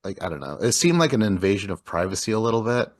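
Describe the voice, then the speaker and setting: A man's voice: on the low side, sing-song, fast talker. A man talking casually through a film's scenes, rambling with many filler words as he recaps the plot. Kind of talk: casual film discussion.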